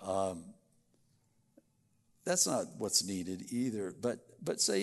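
A man preaching a sermon in church, folksy, acting out little everyday scenes in quick voices. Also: low-pitched. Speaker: pastor.

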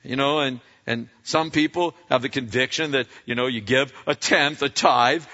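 A man preaching a sermon in a conversational, animated way, often repeating himself and acting out little asides. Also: mid-range voice, normal speed, long reverb tail, muffled recording. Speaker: pastor.

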